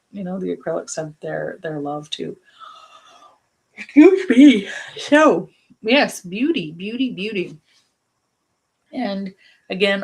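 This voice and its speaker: A woman's voice: lowish voice, gravelly. A middle-aged woman from Canada chatting in a rambling way during a live painting lesson, laughing often as she talks. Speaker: painting teacher.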